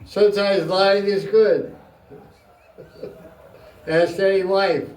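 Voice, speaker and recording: A man's voice: high-pitched, steady tone, slow pace, darkish tone. A man giving a scripture class to a live audience in a playful, joking way, often breaking into laughter. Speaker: spiritual teacher. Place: room with an audience. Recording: roomy, mic far off.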